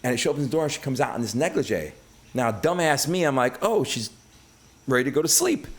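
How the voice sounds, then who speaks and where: A podcast guest from Brooklyn, New York, a middle-aged man with a mid-range voice, tells stories fast and casually. He swears constantly and acts out every quote with animation.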